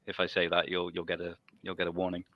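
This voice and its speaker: A man's voice: sits low, completely flat delivery, fast talker, no echo, dull audio. A British man chatting casually on a livestream, talkative and laughing often. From United Kingdom.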